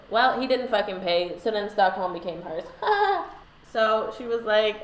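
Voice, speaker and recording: In an animated, mid-range voice, a woman vlogger takes her time retelling a piece of history with irreverent sarcasm, constant fillers like "like," and swearing. The echoey recording carries a slight hiss or hum.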